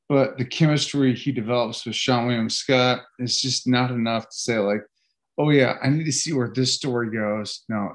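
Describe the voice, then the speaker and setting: A man on a casual podcast with a mid-range voice. He states his opinions bluntly and flatly, without much hedging. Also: medium pitch. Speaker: podcast co-host.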